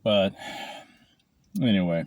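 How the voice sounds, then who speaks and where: A man with a lowish voice chats and rambles over lunch, cursing freely. He talks straight to the camera, picked up by the camera mic and not a clip-on. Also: takes it slowly, a little mellow, dry recording, highs cut off. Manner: rambling, profane, swears often. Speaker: vlogger. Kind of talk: casual chat while eating lunch.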